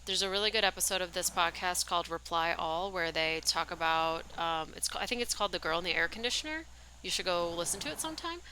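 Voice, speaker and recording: A woman's voice: lowish voice, quick pace, bright, forceful tone, slight background noise, poor audio. A young woman streaming a game, chatting casually and rambling, with lots of "like" and "um". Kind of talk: casual livestream commentary.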